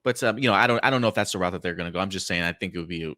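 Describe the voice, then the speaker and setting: A man's voice: low-pitched, rapid-fire, sharp tone, dry recording, clean studio sound. A man hosting a casual prediction podcast, talking in a laid-back, rambling way with many fillers. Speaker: podcast host. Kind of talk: casual chat.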